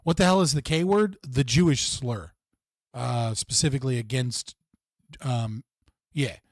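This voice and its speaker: A man's voice: mid-range voice, unhurried, no room sound, clean studio sound. A young man hosting a casual livestream, rambling and swearing, often restarting sentences and laughing. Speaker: livestream host.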